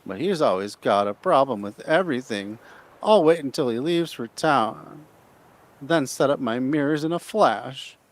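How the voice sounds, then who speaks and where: A man's voice: medium pitch, lively intonation, measured pace, pitched above the performer's own voice. A man voicing a whiny, pompous spoiled young inventor while reading his note aloud.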